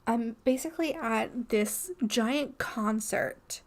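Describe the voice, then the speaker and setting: A woman's voice: fairly high pitch, takes it slowly. A young woman co-hosting a podcast, telling a story in a rambling, casual way full of "like" and restarts. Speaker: podcast co-host.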